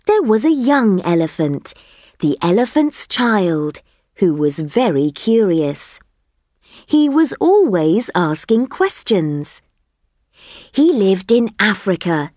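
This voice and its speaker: A woman reads slowly and clearly for language learners, her voice rising and falling in a lively way. The recording is dry and close, with no room sound. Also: mid-range voice, dry recording. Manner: slow, clear, lively intonation. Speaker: reader of a textbook listening track. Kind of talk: slow scripted reading for learners.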